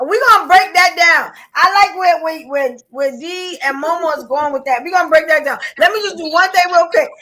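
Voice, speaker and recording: A woman's voice: very high voice, normal speed, few pauses. A woman hosting a live podcast, chatting casually in slangy talk and reading viewer messages aloud. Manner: animated, slangy, reads super chats aloud. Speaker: podcast host. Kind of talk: casual live-stream chat.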